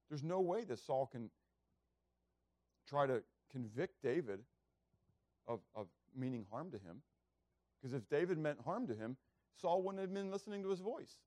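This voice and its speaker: A man's voice: a little high, darkish tone, dry recording. A man preaching a sermon in a conversational way, asking the listeners questions and acting out biblical speeches in a raised voice. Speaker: pastor.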